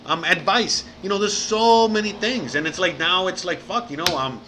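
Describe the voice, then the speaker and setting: Bright, rambling man on a livestream. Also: high-pitched, normal speed, a little hiss or hum. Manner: rambling and profane, says bro and man often. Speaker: livestream host. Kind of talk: casual livestream chat.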